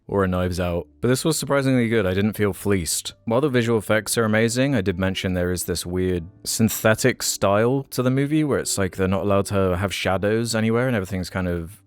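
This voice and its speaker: Deep-voiced man giving a candid film review. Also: no echo. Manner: candid, opinionated, wry asides. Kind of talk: casual spoken film review.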